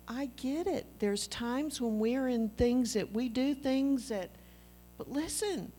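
A woman's voice: on the high side, darkish tone, slight background noise. A woman, preaching a sermon in an earnest, conversational way and telling personal stories.

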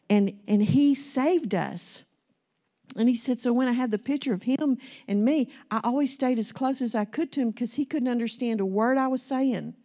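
A woman's voice: mid-range voice, warm tone. A woman preaching a sermon, telling a story that builds into impassioned, emphatic preaching.

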